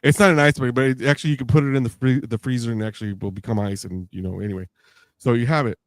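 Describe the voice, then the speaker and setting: A man's voice: medium pitch, rapid-fire, no room sound. A man telling a long anecdote in casual podcast chat, acting out the voices he quotes. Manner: animated storyteller, acts out quoted voices with laughs.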